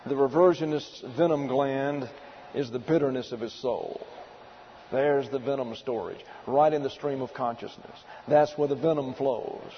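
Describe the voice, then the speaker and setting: A man preaching a sermon, working through numbered points in a deliberate, emphatic way. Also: medium pitch, dull audio, a little hiss or hum. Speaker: pastor.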